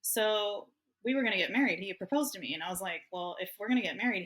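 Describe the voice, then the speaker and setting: A woman's voice: mid-range voice, fast, a bit bright. A woman in her fifties from Hawaii, a guest author telling personal stories in an open, emotional way and laughing often. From Hawaii, United States. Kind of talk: candid personal storytelling.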